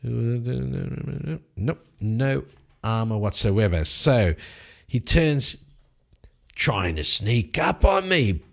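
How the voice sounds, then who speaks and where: Slow-talking man narrating a solo tabletop game. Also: medium pitch, creaky. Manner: animated storytelling with sound effects.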